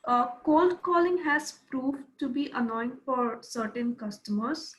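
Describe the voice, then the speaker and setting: A woman moderating a session, reading out audience questions slowly and carefully. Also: high-pitched, animated, fairly bright tone. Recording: roomy echo.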